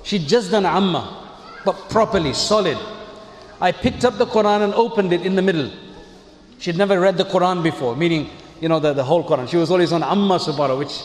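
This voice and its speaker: A man's voice: high-pitched, brisk. A man giving an earnest religious lesson on Quran recitation, explaining from his own teaching experience. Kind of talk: religious lesson with personal anecdote. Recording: echoey hall with faint ambience.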